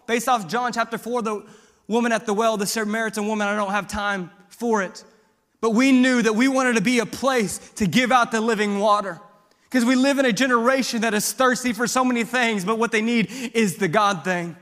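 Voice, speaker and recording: A young man from Missouri, a pastor, giving a sermon with his testimony, moving from quiet storytelling to loud, fervent preaching. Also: very high-pitched, fairly quick, in a large hall. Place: church sanctuary.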